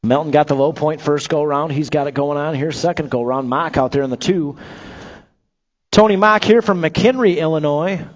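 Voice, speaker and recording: Over an outdoor track's PA, a race announcer runs through rider names and finishing positions in live BMX motos, slipping quick jokes between rapid calls. His voice is a little high for a man, the audio dull and lo-fi like a public-address system, and he stays upbeat and conversational.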